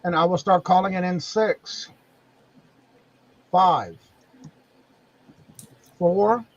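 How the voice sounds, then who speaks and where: Man calling a live-stream auction, husky. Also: high voice, extremely slow, lo-fi sound. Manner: calls bids and counts down steadily.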